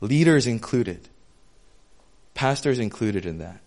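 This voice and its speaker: A man's voice: mid-range voice, animated, takes it slowly, a little mellow. A young adult man preaching as a pastor in a casual, candid, self-deprecating way, speaking to the congregation as friends. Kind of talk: casual sermon.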